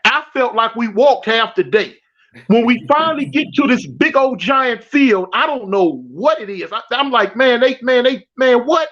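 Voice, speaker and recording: A man from South Central Los spins a prison story in slang, repeating himself and acting out each quote. His voice sits very high. The recording sounds dull and lo-fi. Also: expressive, moderate pace, a bit bright. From South Central Los Angeles. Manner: acts out quotes, repeats and restarts phrases, slangy. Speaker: guest telling a prison story. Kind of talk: animated storytelling.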